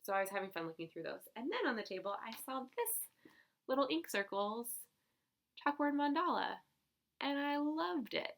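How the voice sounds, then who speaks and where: A woman's voice: high-pitched, sing-song, moderate pace. A young woman chatting casually about her cross-stitch purchases, rambling and giggling, with lots of fillers. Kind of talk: casual chat.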